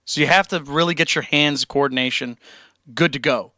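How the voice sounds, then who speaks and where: A man's voice: on the high side, a little fast, sharp tone, no room sound, clean studio sound. A young man streaming and answering chat questions about guitar, blunt and encouraging, with casual swearing and rambling tangents.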